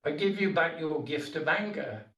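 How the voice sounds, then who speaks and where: A man voicing a calm, patient male sage of ancient India who speaks in a gentle, measured way, in a story told during a sermon. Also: a little high. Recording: roomy hall, voice from a distance.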